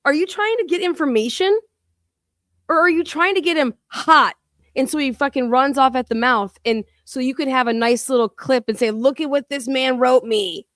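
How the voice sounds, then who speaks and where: A woman's voice: sits high, normal speed, fairly bright tone, dry recording, studio quality. A woman co-hosting a commentary show, talking bluntly and with open scorn. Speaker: co-host. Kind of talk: profane commentary.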